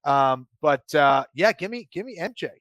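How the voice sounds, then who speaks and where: A male co-host with a somewhat high voice, breaking down fights slowly and often stalling on filler sounds. The recording is dry and close. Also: lively intonation, fairly bright tone, no room sound. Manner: hesitant, many filler sounds. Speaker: podcast co-host. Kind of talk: podcast chat, fight analysis.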